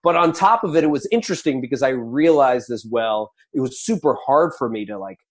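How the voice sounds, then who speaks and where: A man's voice: medium pitch, animated, fairly quick. A man in his forties, a podcast guest, talking casually and energetically with lots of restarts. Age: 40s.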